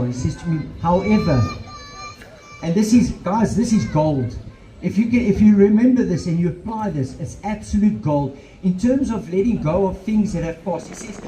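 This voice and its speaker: A man's voice: sits high, moderate pace, roomy sound, poor audio. A man with a South African accent giving an earnest motivational talk through a handheld microphone, slipping in Afrikaans phrases. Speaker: motivational speaker. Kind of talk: motivational talk at an outdoor event.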